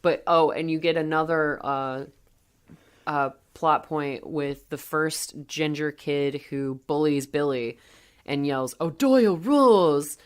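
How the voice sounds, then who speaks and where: A woman in her thirties co-hosting a podcast, recapping a movie in casual, animated chat and laughing as she talks. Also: sits low, takes it slowly, smooth. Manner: animated storytelling, laughs while talking. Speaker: podcast co-host.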